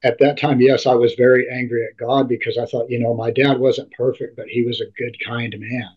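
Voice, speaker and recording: Husky-voiced man telling a story haltingly. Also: medium pitch, little pitch movement. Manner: halting, repeats and restarts words often. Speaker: interview guest. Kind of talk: emotional personal storytelling. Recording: dull lo-fi recording.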